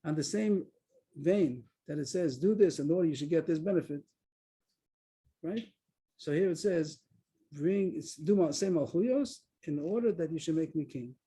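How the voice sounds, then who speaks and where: Dark husky man teaching over a call. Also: fairly high pitch, normal speed, low-quality recording. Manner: explains a text step by step, stressing key words. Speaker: Talmud class teacher. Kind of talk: online Talmud lesson. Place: video call. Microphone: video call mic.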